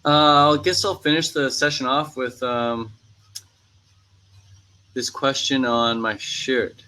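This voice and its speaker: A young man talking in a relaxed, slangy way, filling his speech with "like" and "man" as he shares his thoughts. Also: mid-range voice, slow pace, poor audio. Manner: laid-back, slangy, full of "like" and "man". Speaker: vlogger. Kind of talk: casual chat.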